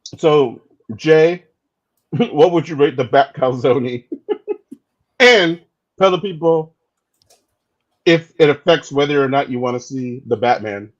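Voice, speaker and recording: A man's voice: a little high, slow pace, pauses often, dull audio. A man hosting a casual podcast chat with loose, laughing banter. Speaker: podcast host.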